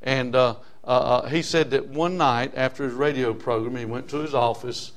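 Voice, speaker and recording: A man's voice: mid-range voice, fairly even intonation. An older man, preaching and telling a story in a sermon, breaking his sentences with repeated fillers. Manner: halting, with many repeated fillers.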